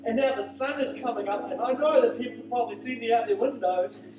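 A male pastor preaching a sermon, telling a personal story in an animated, emphatic way. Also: extremely high pitch, fast, noisy background. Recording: echoey, distant live church recording with music.

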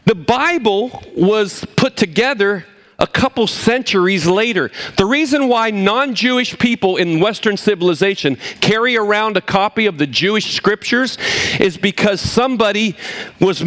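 A man preaching a sermon, animated, swinging between emphatic points and low, quiet asides. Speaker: pastor.

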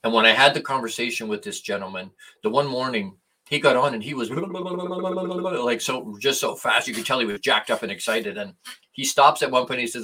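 A man's voice: medium pitch, fairly quick, low-quality recording. A man, a coach and author appearing as a guest, telling a story in casual conversation and acting out the dialogue as he goes. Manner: animated retelling, acting out quoted dialogue.

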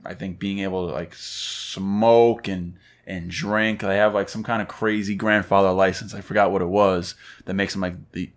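A man co-hosting a podcast in relaxed casual chat, telling stories in an animated way. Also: deep voice. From Northeastern US. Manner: laid-back, animated storyteller. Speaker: podcast co-host.

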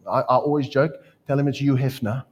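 A man with a South African accent preaching a sermon, telling stories with jokes and lively asides. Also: mid-range voice, brisk. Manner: storytelling, joking, animated asides. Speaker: pastor.

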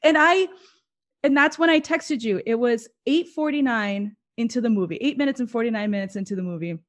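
A woman's voice: a little high, fairly quick. A woman chatting casually as co-host, telling a rambling story and laughing often. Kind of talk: casual chat.

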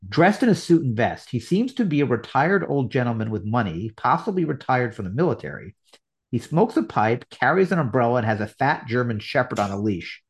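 A man's voice: mid-range voice, brisk, breathy edge. A man co-hosting a podcast, casually reading script scenes aloud and chatting about them. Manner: animated, reads script lines with shifting voices. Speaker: podcast co-host.

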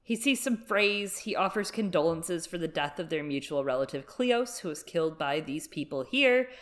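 A woman's voice: lowish voice, animated, moderate pace. A woman co-hosting a podcast, recapping a book in a wry, jokey way. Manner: wry, jokey, puts on voices in quotes. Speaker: podcast co-host. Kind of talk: casual book discussion.

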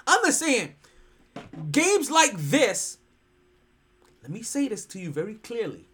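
A sports podcast host ranting in casual commentary, profane and animated, jumping from loud outbursts to hushed asides. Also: medium pitch, slow pace, breathy edge.

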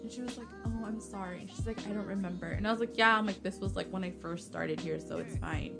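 A young woman working as a nursing assistant, chatting casually and telling lively work stories, acting out quoted voices and swearing freely. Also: medium pitch, fast talker, creaky, over music. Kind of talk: casual podcast chat.

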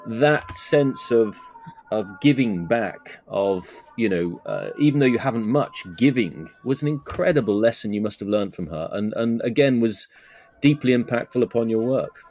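A man interviewing a guest, asking questions haltingly with many fillers and restarts. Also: mid-range voice, animated, darkish tone, a little hiss or hum.

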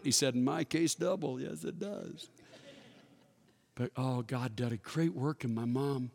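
This is a personal storytelling talk at a church workshop, given by a man in his fifties who acts out dialogue in a folksy, chatty way. His gravelly voice sits at medium pitch and moves at normal speed, echoing with the long reverb of a large hall.

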